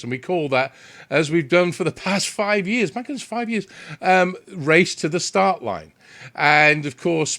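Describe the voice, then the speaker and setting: A man's voice: on the high side, fairly bright tone. Upbeat British man hosting a business show. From Britain. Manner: chatty, lots of fillers and restarts, upbeat. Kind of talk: energetic interview chat.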